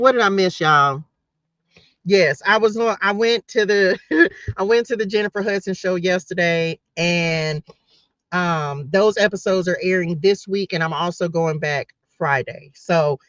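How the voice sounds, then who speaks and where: High-pitched guy giving a heartfelt faith talk to viewers, choked up, lo-fi dry audio. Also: fairly bright tone, no echo. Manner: passionate, repeats "y'all" and praise phrases, halting restarts. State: emotional, close to tears. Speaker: host giving a spiritual message. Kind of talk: casual live spiritual talk to viewers. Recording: dull lo-fi dry sound.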